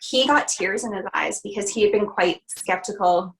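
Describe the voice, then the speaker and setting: A woman's voice: medium pitch, normal speed, fairly bright tone, a little hiss or hum, low-quality recording. A woman, a country singer, earnestly telling a personal story in an interview, with many "you know"s and "um"s. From Canada. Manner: earnest, heartfelt retelling with frequent "you know" and "um".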